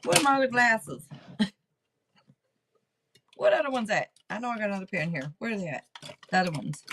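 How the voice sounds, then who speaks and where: A middle-aged woman hosting a casual livestream tarot reading, rambling and chatting out loud to herself between readings. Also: medium pitch, very animated, a little fast, slight background noise. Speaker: tarot reader and livestream host.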